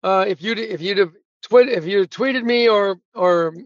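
A man with a high voice spins lively anecdotes as an interview guest, acting out the people in them and laughing along. The sound is dry and a bit dull, like a remote call. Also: measured pace, no room sound. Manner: animated storyteller who acts out quotes and laughs at his own punchlines. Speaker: guest, sportswriter and author. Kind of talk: casual storytelling interview.

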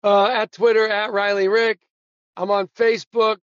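A sportswriter and author, appearing as a guest in a casual interview, tells funny anecdotes in a highish voice at normal speed. He is an animated storyteller who acts out other people's lines and laughs at his own punchlines. The recording sounds dry and muffled.

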